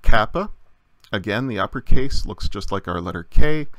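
A man with a low voice teaches a lesson slowly and patiently, often pausing on "uh" as he explains. The sound is dry and close, with no room around it. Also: animated, bright, forceful tone, dry recording. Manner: patient explaining with many uh fillers. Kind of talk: recorded language lesson.

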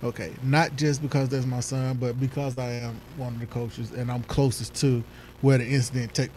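A man co-hosting a casual talk show, speaking at an average pitch. He is an animated storyteller who acts out the voices of other people. There is a faint hum of noise behind him. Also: normal speed, poor audio. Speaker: podcast co-host; youth football coach. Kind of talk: casual chat.

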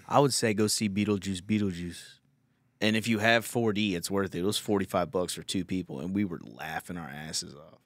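A man's voice: sits low, moderate pace, no echo. A young man hosting a podcast, telling a rambling, profane story in casual chat. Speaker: podcast host.

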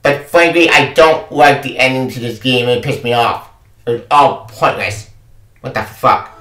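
A man's voice: mid-range voice, normal speed, a bit bright, distant mic. A man ranting about a game he reviews, exasperated and swearing, often repeating himself. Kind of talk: angry review rant. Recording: echoey room, away from the mic.

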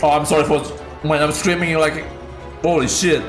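A man, a VTuber from Indonesia, gives an excited, hoarse reaction commentary. He yelps and hums along with the trailer music. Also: moderate pace. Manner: bursts into high-pitched screams and hums along with the music. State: hoarse from screaming.

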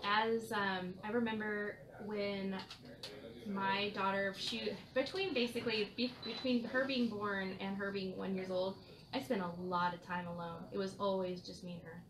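Earnest mom podcaster in an echoey room. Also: female voice, mid-range voice, steady tone, normal speed, recorded from a distance, noisy background. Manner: earnest, emphatic, talks about motherhood frankly. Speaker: podcast co-host. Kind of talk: casual podcast chat.

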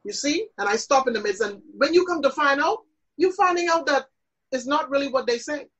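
A woman's voice: high voice, lively intonation, fairly quick, fairly bright tone, lo-fi sound. A woman minister teaching about prayer in an interview, with an emphatic, preacherly delivery.

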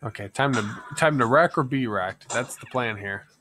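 A man giving gameplay commentary, excitable and swearing, yelling at enemies in mock rage. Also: medium pitch, moderate pace, a little hiss or hum. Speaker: gaming YouTuber.

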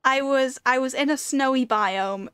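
A woman's voice: high voice, a little slow, fairly bright tone, clear, resonant tone, no room sound. A woman giving casual commentary while playing a video game, talking to herself and breaking into panicked repeated pleas. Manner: chatty, rambling storytelling with fillers. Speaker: gaming video creator.

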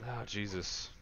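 A man gaming with his friends, cursing and laughing at the fight, his voice swinging up and down in pitch as he talks. There is a clear hiss of noise behind him. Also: a bit bright, dull audio. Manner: swearing, exasperated, laughs often. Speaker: gamer playing co-op. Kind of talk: casual co-op gaming chat. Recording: noticeable background noise.

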